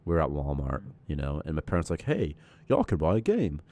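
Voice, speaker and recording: A man in his late twenties, a game programmer chatting casually on a development stream and telling stories in a profane, animated way. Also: extremely low pitch, fast. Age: 20s. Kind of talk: casual dev stream chat.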